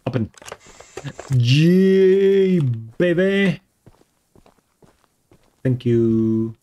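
A man streaming a game, excitable and swearing, yelling at the monster and switching between English and Spanish. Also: mid-range voice, measured pace, muffled recording. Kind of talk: live gameplay commentary.

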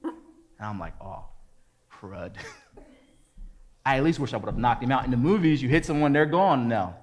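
A man in his forties, a pastor preaching, telling a lively personal story and acting out what people said. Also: medium pitch, quick pace. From American suburbs. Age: 40s. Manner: lively storyteller, acts out quotes and gets loud at the climax. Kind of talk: sermon with a storytelling anecdote.

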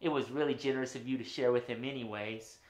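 A man hosting a children's puppet show, talking to the kids at home in an animated, sing-song way. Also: mid-range voice, fast. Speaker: children's entertainer host. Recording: roomy room echo.

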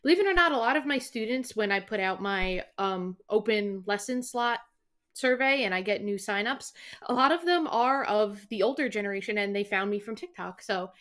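A woman's voice: medium pitch, normal speed, fairly bright tone. A young woman from the United States, a guest ukulele teacher, talking at length in a chatty, upbeat interview. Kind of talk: casual interview chat.

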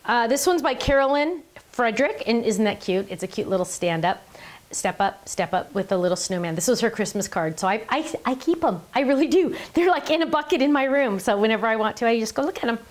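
A woman's voice: fairly high pitch, animated, brisk. A middle-aged woman hosting a casual live stream, chatty and gushing, often laughing and talking aside to the person behind the camera. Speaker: live stream host showing handmade cards.

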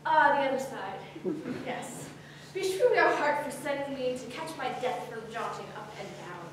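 A woman's voice: sits high, animated, moderate pace. A woman playing a weary, complaining old nurse in a live Shakespeare stage performance, rambling and teasing. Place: arts center hall, recorded from the audience. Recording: distant, echoey hall, faint hiss.

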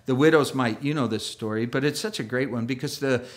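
A male pastor gives a sermon in an animated, chatty storytelling way and acts out quoted voices. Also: medium pitch, a little fast. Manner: chatty, full of fillers and restarts.

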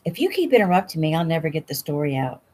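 A woman's voice: low voice, very animated, fast, a little mellow, husky, exaggerated voice. A woman voicing a feisty, stubborn young woman in a storybook reading, wry and matter-of-fact. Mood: steady, wry.

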